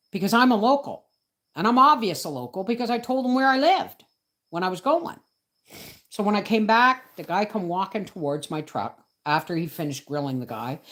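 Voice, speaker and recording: A middle-aged woman telling a story as host of a homesteading channel, indignant and emphatic, often adding "right?" and "folks". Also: medium pitch. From Canada. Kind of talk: storytelling livestream chat.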